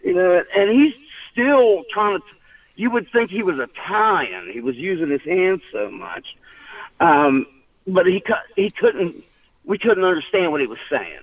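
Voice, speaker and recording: A man's voice: sits high, very animated, a little slow, dry recording, far from the mic. A man calling in to tell a story in casual chat, rambling with restarts and laughing often. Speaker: caller. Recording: tinny phone line.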